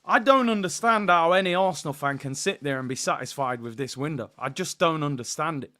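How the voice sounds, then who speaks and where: A man hosting a live football stream, ranting in an animated, exasperated way and talking straight to his viewers. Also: on the high side, a little fast. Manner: animated, exasperated rant addressing viewers as people. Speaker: football channel host. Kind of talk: live stream talk to chat.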